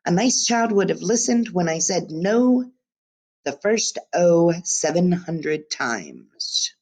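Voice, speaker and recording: A woman reading aloud for a grumpy middle-aged man who talks gruffly and scolds, recorded on a webcam. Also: fairly low pitch, sing-song, slow, a little mellow, full character voice.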